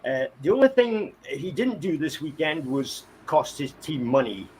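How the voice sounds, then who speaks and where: A man's voice: on the high side, very animated, moderate pace, a little mellow, a little hiss or hum. A man serving as guest host, giving a joking report with a dry delivery. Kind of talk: comic report.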